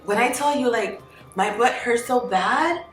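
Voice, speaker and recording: A woman's voice: on the high side, a little slow. A young woman chatting casually and emphatically, often calling her friend "girl". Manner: emphatic, says "girl" a lot. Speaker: co-host. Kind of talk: casual chat. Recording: roomy sound with faint music.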